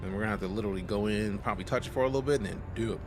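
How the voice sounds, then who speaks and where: A man's voice: on the low side, racing, over music. A man streaming a space game, chatting casually in slang with his viewers and giving voice commands. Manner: animated, slangy, talks to chat and voice commands. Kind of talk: casual live-stream chat.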